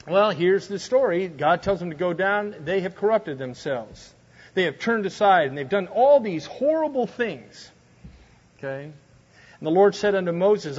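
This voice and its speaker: Husky, animated man teaching scripture. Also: on the high side. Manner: animated, reads scripture aloud with dramatic emphasis. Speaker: Bible teacher. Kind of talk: Bible study teaching. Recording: dull lo-fi recording.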